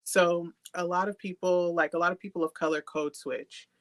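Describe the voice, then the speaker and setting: A woman from Texas with a softened Texan accent hosting a podcast interview, chatty and laughing often as she tells stories. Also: fairly low pitch, steady tone, normal speed. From Texas, USA. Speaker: podcast host. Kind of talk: casual interview chat.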